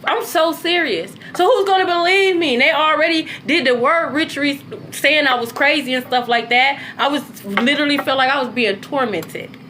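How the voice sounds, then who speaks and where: A woman talking in a casual, animated monologue as a spiritual content creator, cursing freely and swinging between low and high tones. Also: moderate pace, hardly any pauses, slight background noise.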